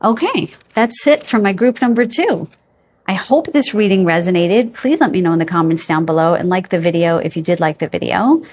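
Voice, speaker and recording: A woman giving a pick-a-card psychic reading to camera, feeling her way through names with hesitations and gently reassuring her viewers. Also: fairly low pitch, animated, fairly quick, slight background noise. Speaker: tarot card reader.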